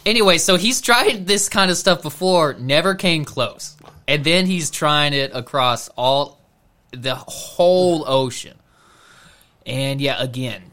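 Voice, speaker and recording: A man's voice: fairly high pitch, a bit bright. A man co-hosting a podcast, telling a news story in casual chat and laughing often. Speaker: podcast co-host.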